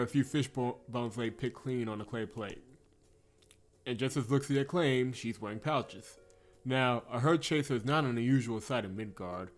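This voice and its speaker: A man of middle pitch reads a visual novel aloud on a livestream, switching between dramatic narration and playful asides. He laughs often and trips over words, correcting himself as he goes. Soft music plays faintly underneath. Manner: chuckles often, breaks off into playful commentary; stumbles and self-corrects on words. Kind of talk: dramatic read-through with casual asides.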